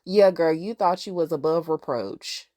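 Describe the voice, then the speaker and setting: A woman putting on the voice of a cold, menacing young man turned monster, speaking low and half-whispered. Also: measured pace, mellow.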